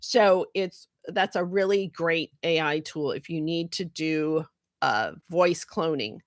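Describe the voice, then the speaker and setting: A woman's voice: deep voice, slow pace, dry recording, clean studio sound. A middle-aged woman in a marketing role, talking casually and candidly with lots of asides. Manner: chatty and candid, with frequent asides and laughs. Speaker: marketing consultant. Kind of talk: casual monologue.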